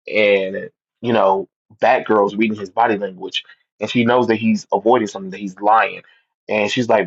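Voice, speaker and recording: Man, lowish voice, casual comic recap, stop-start with ums, dull lo-fi sound. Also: little pitch movement. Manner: halting, frequent ums and restarts. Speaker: comic book reviewer.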